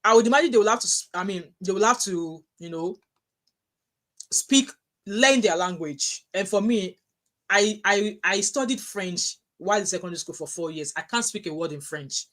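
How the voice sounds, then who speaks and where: A middle-aged woman with a Nigerian accent, chatting casually on a livestream, telling animated stories and reading out viewer comments. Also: mid-range voice, moderate pace. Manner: animated storytelling with frequent restarts, reads out chat messages.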